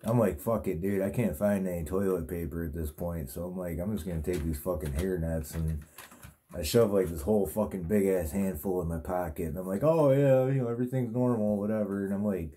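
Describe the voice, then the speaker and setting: A man's voice: sits low, brisk, warm tone. A man telling a rambling, profane story in a casual monologue, with lots of fillers. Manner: crude, profane, meandering with many fillers. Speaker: vlogger telling a dream.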